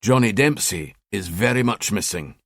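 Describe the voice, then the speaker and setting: A man's voice: fairly low pitch, animated, moderate pace, gravelly, a bit bright, no room sound, clean studio sound, full character voice. A man voicing a cheeky, sardonic male police detective in an audiobook. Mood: wry. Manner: wry, chatty.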